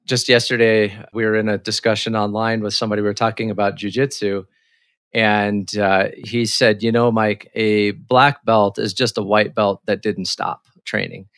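A man hosting his podcast, upbeat and friendly, talking in quick bursts. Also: fairly low pitch, flat delivery, a bit bright, no echo, clean studio sound. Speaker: podcast host. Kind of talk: podcast hosting, casual chat.

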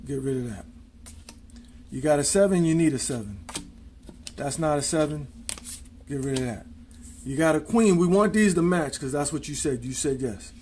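A man's voice: fairly high pitch, a little mellow, slight background noise. Man walking through card tricks. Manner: casual, counts and spells aloud while dealing. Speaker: amateur magician.

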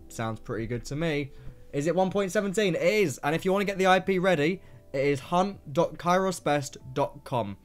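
A man hosting a casual livestream from his home desk, rattling off quick greetings to viewers in an upbeat way. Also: fairly high pitch, expressive, faint music behind. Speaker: streamer host.

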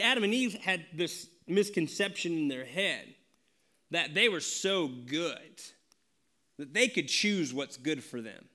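Lively storytelling pastor, bright-voiced man. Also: a little high. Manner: animated, laughing, acting out dialogue. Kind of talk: conversational sermon with family stories. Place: church sanctuary.

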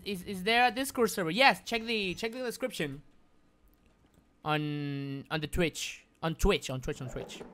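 Woman streamer, bright edgy tone, low-pitched, loops her lines while chatting to viewers. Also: slight background noise. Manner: repeats phrases over and over, chatting to viewers. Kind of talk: live gameplay commentary.

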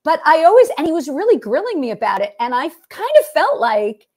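A middle-aged woman with a high voice tells a long, rambling story in casual podcast chat. She slips into the voices of the people she quotes and keeps circling back to her point. Her delivery is loose and conversational, full of asides. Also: sing-song, brisk, a little mellow. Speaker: guest comedian.

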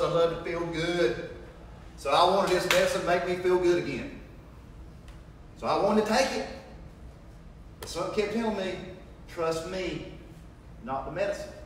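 A man giving a sermon testimony, telling his story in an animated way and acting out the dialogue. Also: fairly high pitch, a little hiss or hum. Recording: echoey hall, mic far off.

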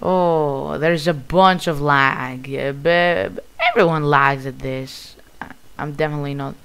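Excitable Greek-accented gamer, creaky voice. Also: male voice, a little high, measured pace. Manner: excitable, bursts of loud exclamations. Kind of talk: casual gameplay commentary.

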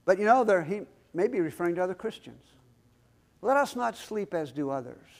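High-pitched guy preaching a sermon in church, punchy, keeps asking the crowd "amen?". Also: lively intonation, brisk. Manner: emphatic preaching with call-and-response questions. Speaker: pastor.

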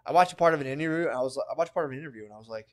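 Man, podcast co-host, rapid-fire casual talk, excitable, laughs a lot. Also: on the high side. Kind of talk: casual chat.

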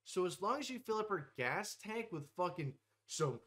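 A man's voice: high voice, expressive, moderate pace, few pauses, bright, forceful tone. Brash profane young man ranting. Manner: brash, swears constantly, mock-tough bravado. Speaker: host ranking game characters. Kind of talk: profane comedic tier-list rant.

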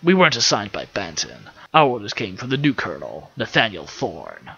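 A man voicing a suspicious, stranded male officer who speaks low and guarded, in an audiobook reading. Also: huge pitch swings, brisk, vocal fry, bright, forceful tone, highs cut off, exaggerated voice.

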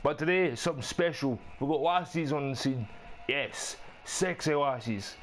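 A young Scottish man hosting his gaming channel, giving brash, sweary trash-talk commentary over gameplay with bursts of shouting. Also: on the high side, moderate pace. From Scotland. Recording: noisy background ambience.

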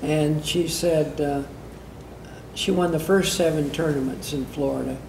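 An older woman reminiscing casually as an interview guest, telling stories in an unhurried way with many fillers and soft laughs. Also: low voice, steady tone, gravelly. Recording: roomy, distant, noisy archival interview.

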